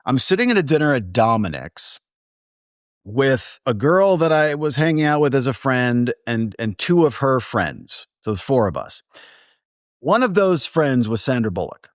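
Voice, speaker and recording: A man's voice: medium pitch, normal speed, no room sound, clean studio sound. A man, a film producer, telling casual stories in an interview and acting out quoted dialogue. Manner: animated anecdotes with quoted dialogue.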